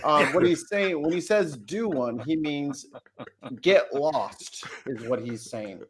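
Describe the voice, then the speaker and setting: A man's voice: on the high side, lively intonation, takes it slowly, slight background noise. A man in casual podcast chat, wisecracking.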